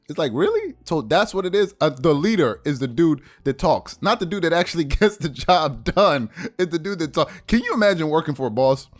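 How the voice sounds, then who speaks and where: In casual sports commentary, a man with a fairly high voice reacts to a clip, talking briskly with few pauses. He's animated and incredulous, ranting and laughing, while faint music runs behind him.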